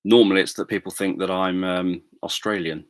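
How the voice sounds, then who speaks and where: A man chatting casually on a livestream, rambling with many pauses and self-corrections. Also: deep voice, steady tone, clear, resonant tone, no room sound. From England. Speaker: livestream host. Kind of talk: casual chat with viewers.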